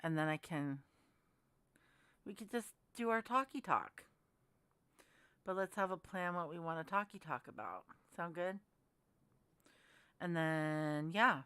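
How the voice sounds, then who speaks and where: A woman's voice: fairly low pitch, animated, unhurried, pauses often, bright, forceful tone, smooth, dry recording. A woman hosting a casual livestream, chatting with viewers in a rambling, friendly way. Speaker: livestream host. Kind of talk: casual livestream chat reading comments.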